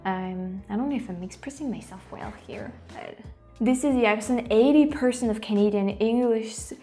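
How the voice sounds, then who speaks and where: Chatting casually as a YouTube host, a native French-speaking woman with a French accent talks at a moderate pace in a fairly high, mellow voice. Her delivery is hesitant, full of fillers and restarts, with faint music in the background.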